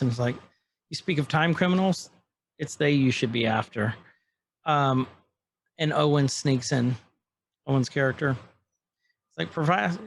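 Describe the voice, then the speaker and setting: In a gravelly, mid-range voice, a podcast co-host recaps a show in a casual way, animated as he acts out quotes from its scenes in passing. Light background noise is audible.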